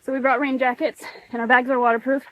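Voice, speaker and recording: A woman's voice: sits high, little pitch movement, quick pace, highs cut off. A woman hosting a sailing vlog, chatting casually on location outdoors and laughing easily. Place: outdoors in a humid town.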